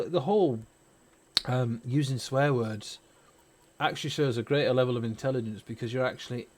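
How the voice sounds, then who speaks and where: A man and parent hosting a gaming stream, chatting casually and opinionatedly with plenty of swearing. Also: medium pitch. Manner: rambling, swears freely, opinionated. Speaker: gaming channel host. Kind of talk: casual chat over gameplay.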